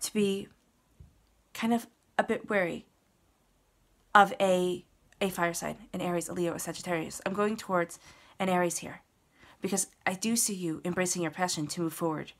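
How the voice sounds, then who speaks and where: Lower-voiced woman giving an earnest tarot reading. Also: moderate pace. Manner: earnest, talks straight to the listener, repeats words for emphasis. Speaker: tarot reader. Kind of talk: casual spoken tarot reading.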